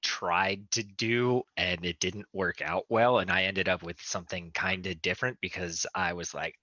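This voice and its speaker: A man's voice: low voice, fairly even intonation, moderate pace, hardly any pauses, pushed and bright, no room sound. A man on a tabletop gaming panel, chatting casually in a rambling, self-deprecating way with lots of fillers, recorded with dull, muffled audio. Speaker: tabletop game player, panelist.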